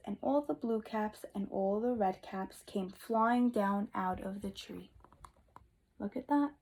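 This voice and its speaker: A woman teacher reading a picture book aloud to young children, expressive and asking them questions, dropping to whispers for asides. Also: on the high side, a little hiss or hum, rough recording. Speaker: kindergarten teacher.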